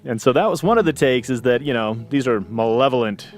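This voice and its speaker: A man co-hosting a casual podcast, telling folklore in a relaxed way, full of you-knows and fillers. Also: mid-range voice, a little fast, soft background music. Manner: easygoing storyteller, many you-knows and fillers. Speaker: podcast co-host. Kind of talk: casual paranormal podcast chat.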